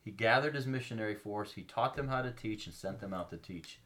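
A man's voice: lowish voice, a little fast, sharp tone, slight background noise. A man co-hosting a casual faith podcast, reading scripture aloud and explaining it earnestly, stopping with ums to find his place. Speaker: podcast co-host.

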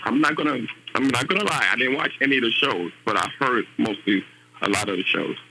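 A man's voice: medium pitch, fairly quick, pushed and bright, a little hiss or hum, rough recording. A man with a New York accent, calling in to a radio show and chatting in an easygoing way. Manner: easygoing, laughs along. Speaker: radio caller. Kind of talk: casual phone-in chat.

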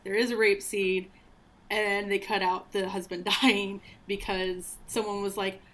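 A woman's voice: mid-range voice, level tone, a little slow, a bit bright. A woman chatting casually about films and TV, laughing often and dropping to a whisper for asides.

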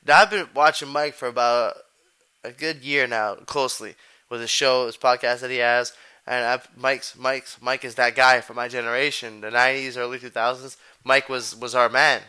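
A man hosts his own podcast in an easygoing, rambling way, full of street slang and swearing. His voice is bright and clear, with a crisp, smooth tone. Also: medium pitch, steady tone, moderate pace. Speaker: podcast host. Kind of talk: casual chat.

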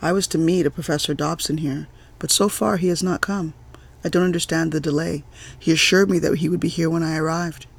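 A man's voice: on the high side, fairly even intonation, brisk, gravelly. A man reading a shy Scandinavian professor. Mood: polite. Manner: polite, hesitant.

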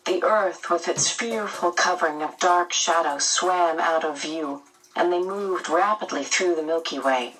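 A woman narrating a storybook chapter aloud in a measured, gentle way. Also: fairly low pitch, far from the mic, rough recording. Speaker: audiobook narrator.

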